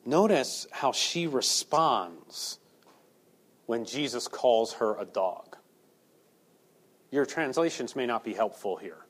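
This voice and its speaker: A man's voice: mid-range voice, lively intonation, slow pace, pauses often, slightly rough. A male preacher delivering a sermon, asking the listeners rhetorical questions and acting out quotes.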